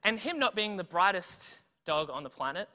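Australian accent, preacher, storytelling sermon, keeps checking in with listeners, crisp bright tone, big church hall echo. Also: medium pitch, moderate pace. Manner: animated, tells stories, keeps checking in with "right?" and "okay?". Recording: long reverb from a big hall.

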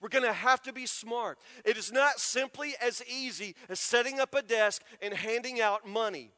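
A male pastor preaching a sermon in a church, emphatic and repeating key words, often dropping to soft, low stresses. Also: normal speed, hardly any pauses. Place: church sanctuary. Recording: long reverb of a church hall.

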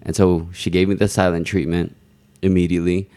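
A man's voice: low voice, level tone, a little fast, warm tone, no room sound. A man in casual conversation, telling a personal story in a rambling, self-deprecating way and laughing as he goes. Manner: laughs while telling stories.

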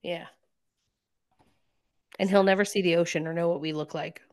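A woman's voice: lowish voice, normal speed, smooth. Chatty woman retelling a TV episode. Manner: animated retelling with lots of "like" and acted-out quotes. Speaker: podcast co-host. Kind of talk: casual chat recapping a TV episode.

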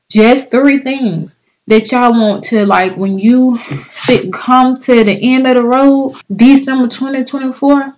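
A young woman, hosting her own podcast in a casual, animated, motivational talk to listeners, laughing often. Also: fairly high pitch. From North Carolina. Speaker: podcast host.

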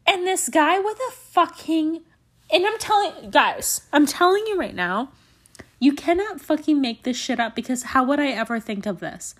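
A woman's voice: high voice, expressive, normal speed, a bit bright. A young woman host in a put-on mock Southern accent, telling a profane, exasperated comedic story on a solo podcast. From Canada.

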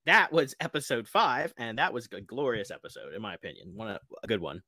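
A man's voice: medium pitch, a little fast, no echo, studio quality. A man co-hosting a podcast, chatting casually and animatedly about a TV episode, laughing often. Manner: animated, laughs a lot, acts out quotes. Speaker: podcast co-host. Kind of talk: casual TV recap chat.

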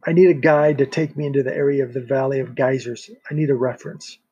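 A man's voice: medium pitch, little pitch movement, fast, warm tone, slightly rough, muffled recording, close to an everyday voice. A man voicing a determined, professional agent who presses firmly for help in an audiobook reading. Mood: insistent. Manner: firm, pleading. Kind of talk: audiobook character voice.

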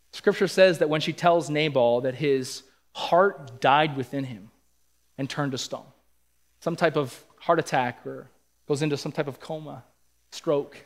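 A man preaching a sermon in a church, earnest and emphatic, acting out quoted lines as he goes. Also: a little high. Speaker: pastor. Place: church sanctuary.

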